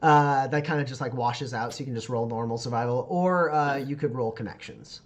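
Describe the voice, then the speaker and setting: Man, game master, tabletop game narration, halting, filler-heavy. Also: mid-range voice, noisy background. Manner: halting, lots of fillers and laughs.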